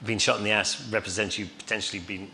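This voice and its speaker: Male guest, middle-aged, chuckles through his stories, crisp tone, faint noise in the room. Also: fairly low pitch, flat delivery, fast talker, sharp tone. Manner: rambling, chuckling, many fillers. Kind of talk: anecdotal storytelling on stage. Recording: reverberant hall, faint noise.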